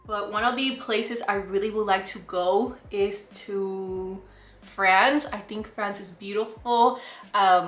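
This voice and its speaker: Young woman, Spanish accent, chatty beauty vlogger, bright tone, roomy sound. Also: medium pitch. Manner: animated storytelling, laughing easily. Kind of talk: chatty get-ready-with-me Q&A. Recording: roomy echo.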